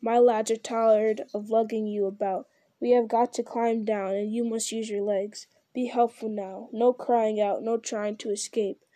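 A woman's voice: a little high, level tone, measured pace, warm tone, no echo, natural voice. A woman reading the part of a brutal, commanding male orc captain who barks orders and threatens his prisoners. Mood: harsh, commanding.

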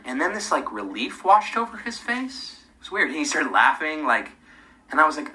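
A man interviewed as a witness recounts an encounter casually, acting out what each person said in an animated way. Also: medium pitch, moderate pace, distant mic, poor audio. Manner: animated, acts out dialogue.

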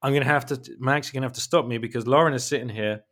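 A man's voice: mid-range voice, rapid-fire, a bit bright. A man hosting a podcast, chatting casually in an enthusiastic, rambling way. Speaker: podcast host. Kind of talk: casual chat.

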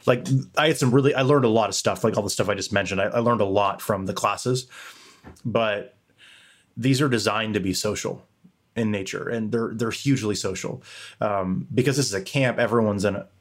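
A man's voice: on the low side, fairly quick. A young man co-hosting a podcast, talking candidly in a rambling way and swearing casually. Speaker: podcast co-host.

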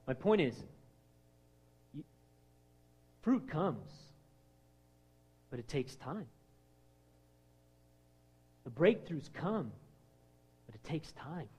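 A man preaching a sermon in a conversational way, acting out quoted voices and swinging between loud lines and hushed ones. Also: on the high side, big pitch swings, drawn-out words, long pauses, slightly rough. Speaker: pastor.

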